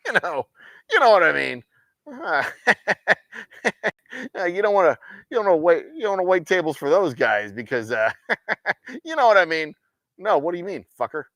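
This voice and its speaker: A man rants on a game night livestream, swearing freely and slipping into sarcastic mock quotes. His pitch leaps up and down wildly as he gets worked up. The sound is dry and close, with no room echo. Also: moderate pace, long pauses. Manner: profane, animated ranting with sarcastic mock quotes. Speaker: host of a game night stream. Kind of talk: casual ranting chat on a livestream.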